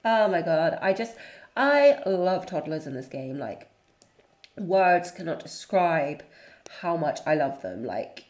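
A woman's voice: lowish voice, takes it slowly, roomy sound. A young woman gushing and cooing as she comments on a life-sim game she is playing. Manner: gushing, excitable, cooing baby talk. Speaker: gaming YouTuber. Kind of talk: let's-play commentary.

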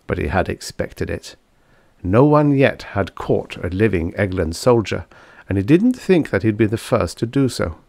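Low-voiced male audiobook narrator. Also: dry recording, studio quality. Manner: steady, measured storytelling.

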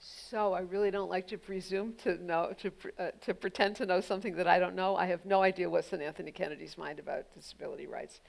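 A woman speaks as the guest of a public onstage conversation, thoughtful and pointed, dropping frequent "you know" fillers. Her voice is somewhat low and noticeably gravelly, with a fry at phrase ends. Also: fairly even intonation, fast talker, few pauses, poor audio. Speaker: guest speaker, legal journalist. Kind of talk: public onstage conversation answering audience questions.

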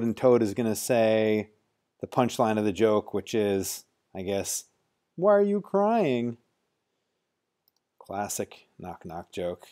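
A man's voice: fairly low pitch, darkish tone. A man walking through a coding tutorial in a casual, think-aloud way with some fillers. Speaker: teacher. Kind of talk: screen-recorded coding tutorial.

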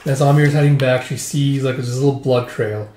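A man's voice: mid-range voice, steady tone, brisk, a little mellow, slight background noise. A man casually retelling a comic, rambling and full of "like" and "uh". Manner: rambling, filler-heavy with "like" and "uh". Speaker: manga recap reader. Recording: roomy echo.

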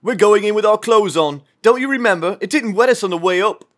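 A man voicing a curious young boy who talks in an eager, excitable, matter-of-fact way. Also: sits high, a little fast, pitched above the performer's own voice. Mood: explaining.

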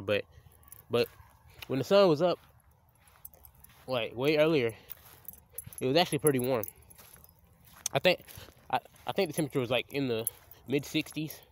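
Young man, casual outdoor phone vlogger, rambling and stammering. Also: mid-range voice. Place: outdoors by a creek. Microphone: handheld phone camera.

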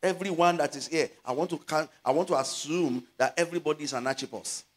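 Preaching with a Nigerian Yoruba accent, this middle-aged pastor has a slightly high voice. Scripture words are drawn out as he slows for emphasis, and his sermon mounts toward loud exhortations.

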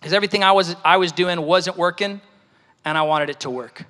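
A man preaches a personal testimony in a relaxed, storytelling way, often acting out what others said. His voice sits high and sounds bright and forceful. The sound carries the long reverb of a large church hall. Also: a little fast. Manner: storytelling, conversational, acts out quoted voices. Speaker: speaker at a church service.

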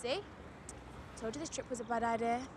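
A young actress playing a sarcastic, sulky teenage daughter. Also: female voice, on the high side, fairly even intonation, a little fast, noisy background, lightly acted.

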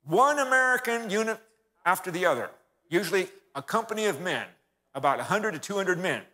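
A guest speaker with a high-sitting, lively voice talks briskly and with a sharp edge, delivering a folksy history lesson in a sermon style. He often turns to the audience and calls them folks, and the church hall leaves plenty of reverb on the recording.

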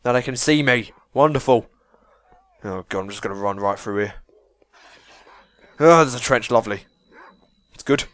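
A man's voice: mid-range voice, moderate pace, pauses often, no room sound. Young man, let's-play commentary, sweary and jokey, dry close sound. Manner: chatty, sweary, jokey, reacts loudly to the game. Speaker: gaming video host.

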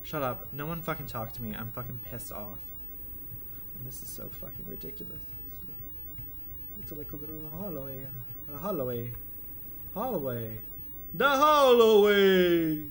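A man streams live gameplay, swearing heavily and dramatically swinging between low muttering and screaming. His intonation is lively, his speed normal, and he pauses often, all through noisy stream audio.

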